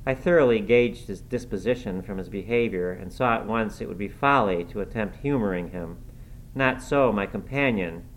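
Male audiobook narrator, low-ish voice, measured classic-novel delivery. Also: a little hiss or hum, rough recording. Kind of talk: audiobook reading.

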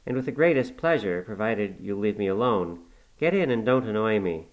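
A brooding middle-aged master who brushes others off in short, terse phrases, in a storybook. His voice sits low and clipped, as a man reads him. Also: lively intonation, normal speed, close to an everyday voice, low-quality recording. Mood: curt. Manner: terse, dismissive.

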